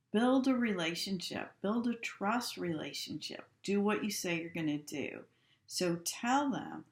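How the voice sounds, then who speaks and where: A woman giving a practical instructional lecture on handling upset patients, calm and practical in manner. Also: mid-range voice, moderate pace. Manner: calm, practical, acts out example dialogues. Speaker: healthcare instructor. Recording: echoey room.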